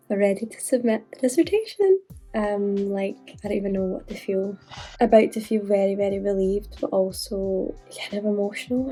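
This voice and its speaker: A Scottish woman in her twenties chats through a casual, emotional vlog, saying "like" a lot. Her mid-range voice is dark and husky, hoarse from illness.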